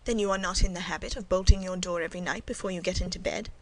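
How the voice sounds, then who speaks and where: A woman's voice: lowish voice, fairly even intonation, a little mellow, close to an everyday voice, poor audio. A woman reading as a cool, guarded servant woman. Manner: cool, measured and demure. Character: guarded, composed middle-aged woman servant. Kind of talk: audiobook reading.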